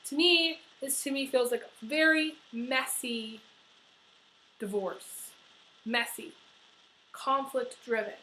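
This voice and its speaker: A middle-aged woman giving a casual tarot reading, blunt and chatty, swearing freely and filling pauses with "you know". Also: sits high, sharp tone, slight background noise, rough recording. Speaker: tarot reader.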